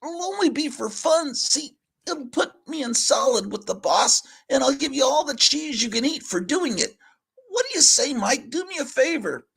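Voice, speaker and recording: Man voicing a pitiful old male cat, high and wailing, hammy comic-book read. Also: big pitch swings, moderate pace, gravelly, a bit bright, exaggerated voice. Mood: scheming. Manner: whining, sniffling, melodramatic. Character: old washed-up male cat, weepy and pleading.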